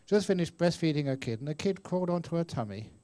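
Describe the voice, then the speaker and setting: A man's voice: on the high side, lively intonation, quick pace, dark tone. A man in his sixties, a Buddhist monk teaching at a retreat, telling stories in a chatty way and often acting out voices. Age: 60s. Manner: chatty storyteller, acts out voices, laughs often. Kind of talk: dharma talk answering questions. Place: meditation retreat hall.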